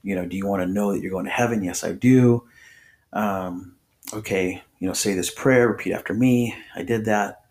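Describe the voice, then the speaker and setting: A man's voice: low voice, moderate pace, a little mellow. A man on a podcast telling his personal faith testimony in an earnest, conversational way, full of restarts and voiced quotes. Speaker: podcast guest.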